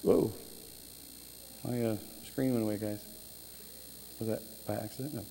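A male preacher telling stories in a sermon, animated, with halting restarts. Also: lowish voice, creaky. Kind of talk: sermon storytelling. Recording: reverberant hall, faint noise.

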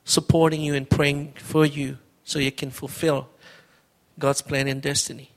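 Earnest middle-aged male pastor, higher voice. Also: level tone, measured pace, gravelly. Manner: earnest, conversational, repeats words. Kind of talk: testimony sermon.

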